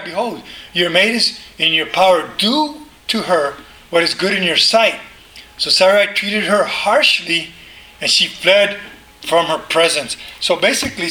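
A man preaching a sermon in a conversational, animated way, often asking the listeners rhetorical questions. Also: high voice, echoey room, rough recording. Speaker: pastor.

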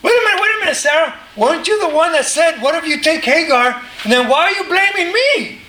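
A man puts on an indignant older husband who protests his innocence, voice pushed high and sharp. The voice sits a little back from the mic in a roomy, echoing space. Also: animated, a little fast, slight background noise, exaggerated voice. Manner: protesting, defensive.

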